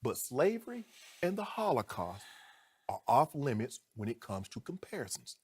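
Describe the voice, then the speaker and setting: A middle-aged man, a sports commentator on TV, debating heatedly. He is emphatic and indignant, swinging from low, measured talk to a loud voice and a string of rhetorical questions. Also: sing-song, breathy edge.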